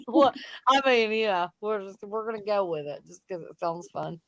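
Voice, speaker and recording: Lively woman laughing through chat. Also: medium pitch, dry recording. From Tennessee. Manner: bubbly, laughs a lot, drawn-out words. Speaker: live stream host. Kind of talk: casual late-night chat.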